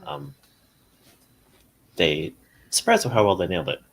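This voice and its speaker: Very deep-voiced, hesitant man. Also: very animated, husky. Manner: hesitant, halting. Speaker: guest.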